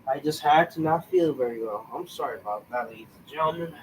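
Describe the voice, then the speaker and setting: A man's voice: a little high, animated, normal speed, fairly bright tone, a little hiss or hum. A man reviewing a wrestling show in a rambling, frustrated rant, swearing often and sighing, unwell and short of breath. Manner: profane, frustrated, rambling with sighs.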